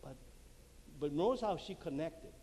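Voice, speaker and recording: This man's voice is on the high side and warm, with lively intonation at normal speed. He's giving a lively marriage conference talk to a live audience in a church hall, acting out small quotes and chuckling at his own jokes. His handheld mic picks up long hall reverb and faint room noise.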